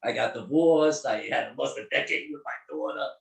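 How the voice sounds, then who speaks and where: A middle-aged man telling a story in an interview, animated and emphatic, swearing freely. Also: medium pitch, fairly quick, creaky, far from the mic. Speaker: guest therapist. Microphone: video call. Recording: echoey room on a video call.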